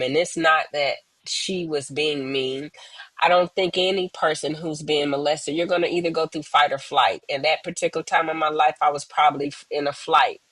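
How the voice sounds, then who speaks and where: A woman tells her own hard story as a guest on a remote call, earnest and slow, often pausing and acting out the voices of others. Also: low voice, fairly bright tone, no room sound, low-quality recording. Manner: earnest, pauses often, acts out quoted voices. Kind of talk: emotional personal testimony, slow and reflective.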